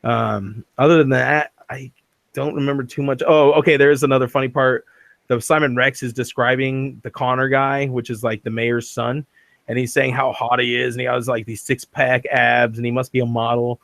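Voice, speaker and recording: Podcast guy talking movies, laughs a lot, middle pitch, dead dry sound. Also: flat delivery, moderate pace, vocal fry, fairly bright tone, no echo. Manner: laughing, acts out quotes. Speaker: podcast host. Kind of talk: casual movie review chat.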